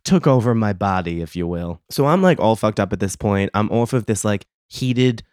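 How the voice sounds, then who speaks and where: A man's voice: lowish voice, expressive, moderate pace, a little mellow, clean tone, no room sound, studio quality. A man hosting a podcast, telling a confessional story in a casual, profane, self-mocking way and laughing often. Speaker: podcast host.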